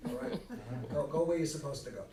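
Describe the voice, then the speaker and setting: A man preaching a humorous, conversational sermon as the rabbi at Friday night services, trading jokes and quick asides with the congregation. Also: on the high side, sing-song, background noise. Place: synagogue sanctuary. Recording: echoey hall, mic at a distance.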